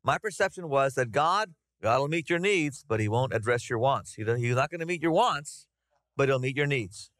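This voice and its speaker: A middle-aged man preaching a conversational, animated sermon to his congregation. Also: mid-range voice, normal speed, no echo, clean studio sound. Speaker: pastor. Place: church sanctuary.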